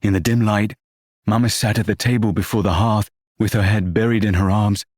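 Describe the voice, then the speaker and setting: A man narrating an audiobook novel in a measured, expressive reading. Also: fairly low pitch, no room sound, clean studio sound.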